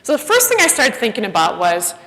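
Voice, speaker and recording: A woman giving a personal storytelling talk as a keynote speaker, animated and self-deprecating, acting out the voices she quotes. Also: mid-range voice, brisk, a little hiss or hum. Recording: long hall reverb.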